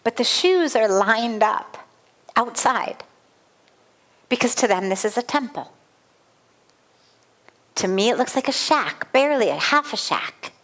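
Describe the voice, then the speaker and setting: A woman's voice: a little high, lively intonation, a little slow, long pauses, a bit bright. A middle-aged woman, a spiritual teacher, giving a satsang talk and telling a personal story with earnest, vivid emphasis and repeated phrases.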